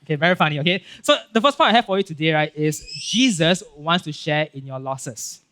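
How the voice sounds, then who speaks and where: A male pastor with a Singaporean English accent giving a casual, animated sermon, acting out Bible scenes and checking in with "right?" and "okay?". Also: a little high, fairly quick. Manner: casual filler-heavy talk with frequent "right?" and "okay?".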